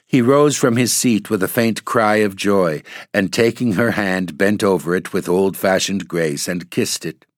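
Male narrator, deep and steady, storybook reading in a dry booth. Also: no echo.

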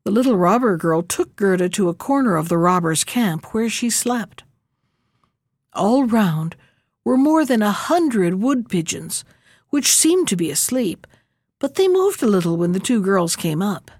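A woman narrating a fairy tale in a lively, expressive storybook reading. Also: mid-range voice, a little slow, no room sound, clean studio sound.

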